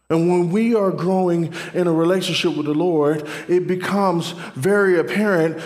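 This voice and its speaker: A man preaching a sermon, calling out to the congregation with "Amen?" and dropping from loud cries to soft murmurs. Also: moderate pace, hardly any pauses. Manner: call-and-response preaching, "Amen?" to the crowd; swings between soft murmurs and loud high shouts. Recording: long hall reverb.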